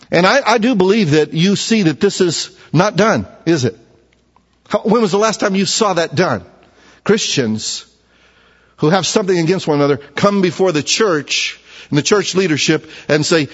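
A man preaching a sermon in a husky, fairly high voice. He talks to his congregation with rhetorical questions and restarts. The sound is dull and carries a long hall reverb. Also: expressive, normal speed. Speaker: pastor. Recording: dull, echoey church hall recording.

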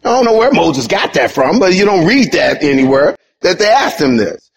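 A man preaching a sermon in an animated, conversational way, with sudden high emphatic bursts and quick chuckles. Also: gravelly. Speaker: pastor.

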